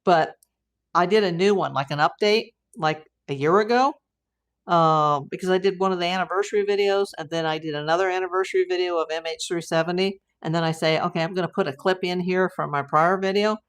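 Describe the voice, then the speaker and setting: A woman's voice: on the low side, brisk. A middle-aged American woman hosting a casual livestream, rambling through viewer comments with lots of fillers and restarts. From United States. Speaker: private investigator livestream host.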